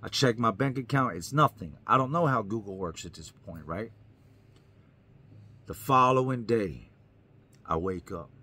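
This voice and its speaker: A man's voice: on the low side, expressive, a little slow, long pauses, pushed and bright, husky. A man, a YouTuber, telling his own story in an earnest, emphatic way, repeating lines for effect. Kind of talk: personal storytelling to camera.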